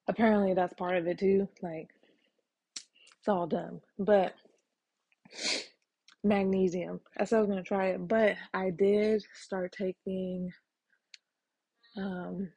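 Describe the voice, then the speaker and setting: A woman's voice: medium pitch, flat delivery, unhurried, long pauses, warm tone, slightly rough, no echo. A woman hosting a casual solo podcast, talking frankly with lots of ums and casual swearing. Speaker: podcast host.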